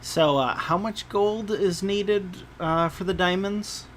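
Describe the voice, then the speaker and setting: A game master running a tabletop game, giving slow, relaxed rulings with fillers. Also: medium pitch, a little hiss or hum. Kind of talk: running a tabletop game over an online call.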